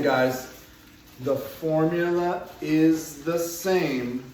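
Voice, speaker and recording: A man teaching an English grammar lesson in a classroom, speaking slowly, repeating phrases and moving around as he explains. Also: on the high side, dark tone, distant mic. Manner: slow, repeats phrases, moves around the room. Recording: echoey room, voice from away from the mic.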